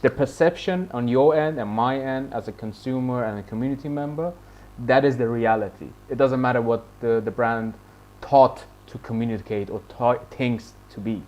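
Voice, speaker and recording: A man's voice: medium pitch, moderate pace, darkish tone. A man hosts a casual online talk space in a mid-range voice, pressing his points hard and laughing often. The audio sounds dull and lo-fi. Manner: emphatic, laughs often, calls people "man". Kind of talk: casual chat.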